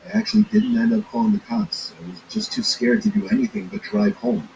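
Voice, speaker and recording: A man narrating a first-person scary story in a low, steady storytelling delivery. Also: brisk, gravelly, a little hiss or hum, poor audio.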